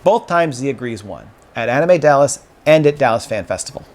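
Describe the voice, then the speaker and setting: A man's voice: mid-range voice, lively intonation, fairly quick, darkish tone. A man hosting a casual street poll at a fan convention, friendly and explaining with playful emphasis. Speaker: host running a street poll. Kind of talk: casual interviewing.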